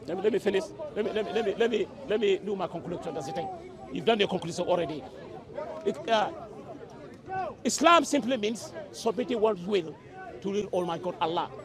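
A man with a very high voice argues his case in a heated street debate, repeating phrases to push through. He is outdoors in a public park, with a crowd murmuring around him. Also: brisk. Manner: forceful, repeats himself, interrupts to finish his point. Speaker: Muslim debater. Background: crowd of listeners.

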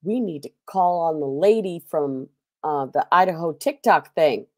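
A woman hosts a stream, chatting casually while playing a game and telling a long, rambling story packed with fillers. Her voice is low-pitched, animated, a little mellow and measured in pace, with no echo.

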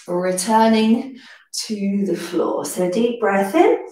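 A woman's voice: medium pitch, animated, unhurried, darkish tone. A young woman leading a pilates workout, calling breaths and counting reps, a little out of breath. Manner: breath-cued, encouraging counting. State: slightly out of breath. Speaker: pilates instructor. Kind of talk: guided workout instruction. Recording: echoey room, distant mic.

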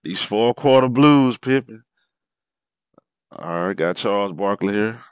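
A man with a low, smooth voice talks his way through an old basketball game replay. He reacts loudly to the plays, swinging between muttered asides and excited outbursts. The recording is dry and close. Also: a little slow, no room sound. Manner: animated, exclaims and laughs over plays. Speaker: sports commentator. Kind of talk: casual replay commentary.

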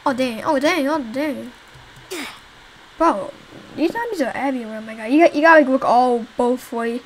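A woman's voice: high-pitched, normal speed, slight background noise, poor audio. A young woman casually commenting while she plays a zombie game she made herself, rambling and swearing at the enemies. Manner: rambling, swears, talks to viewers while playing. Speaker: game developer playing her own game.

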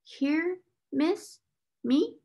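A woman doing a high, breathless serving girl who stammers, storybook style. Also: lively intonation, extremely slow, mellow, heavily acted. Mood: timid. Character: timid young Cockney servant girl.

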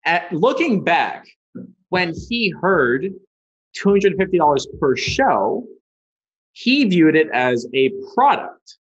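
Animated husky-voiced man telling a story. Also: fairly high pitch, slow. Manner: casual and swears freely; acts out the other people in his stories. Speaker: guest, ad agency founder. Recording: dull lo-fi sound.

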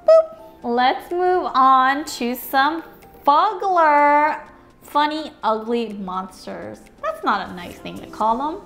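A woman's voice: high voice, lively intonation, slow pace, fairly bright tone, soft background music. A woman hosting a toy unboxing video, bubbly and playful, chatting as she opens each item and sometimes slipping into silly voices for the toys.

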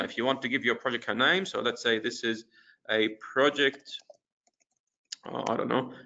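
A man presenting a webinar, walking through a software demo in a casual way, with lots of fillers and restarts. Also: medium pitch. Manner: casual, many fillers and restarts while clicking through screens. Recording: dull lo-fi webinar audio.

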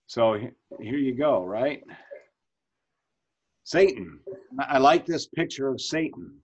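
A pastor in his fifties leads a Bible study over a video call, talking casually and putting questions to the group. His voice is a bit husky, and the muffled, lo-fi call audio dulls it further. He often stops and restarts his sentences. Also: mid-range voice, lively intonation, slow, darkish tone. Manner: conversational, asks questions, frequent restarts. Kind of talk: leading a Bible study discussion.

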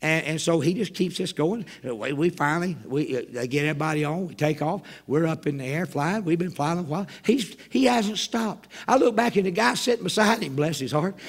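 A man preaching at a revival, telling a story in an animated way with wry, self-mocking humor. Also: on the high side, brisk, creaky, hardly any pauses. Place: church sanctuary.

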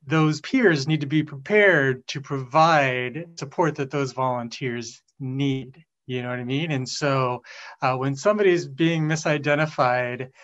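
A man speaking as a panelist, measured and thoughtful. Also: mid-range voice, fairly bright tone, muffled recording. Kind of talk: panel discussion.

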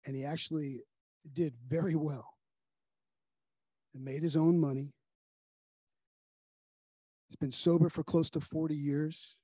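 Male pastor, earnest sermon storyteller with a higher, husky voice that hushes for grave moments. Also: steady tone, unhurried, long pauses, no room sound. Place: church sanctuary.

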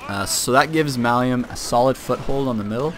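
A man's voice: mid-range voice, a little fast, faint music behind. A young man giving casual, self-deprecating commentary on a strategy game replay, with fillers and restarts.

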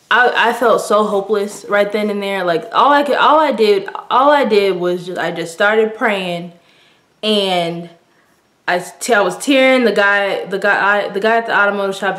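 A woman's voice: medium pitch, normal speed, fairly bright tone, reverberant. A young woman telling a story-time vlog, dramatic and breathless, with "like" all over her speech. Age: young adult. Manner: breathless and dramatic, heavy use of "like". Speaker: vlogger.

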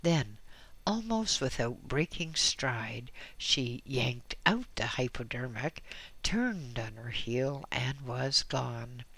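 Slow, bright-voiced memoir reader. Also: mid-range voice, animated, slightly rough. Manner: dry, wry asides. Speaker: audiobook reader. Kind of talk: first-person memoir narration.

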